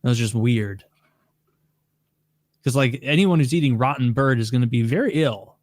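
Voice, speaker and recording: A man's voice: medium pitch, normal speed, no room sound. Puzzled man thinking aloud. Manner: musing, puzzled, talks through his own reasoning. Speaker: podcast co-host. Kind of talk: casual chat.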